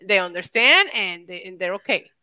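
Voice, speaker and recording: A woman's voice: on the low side, animated, moderate pace, pushed and bright, clean tone, no echo. A woman co-hosting a podcast in casual chat, emphatic and teasing, laughing often. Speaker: podcast co-host.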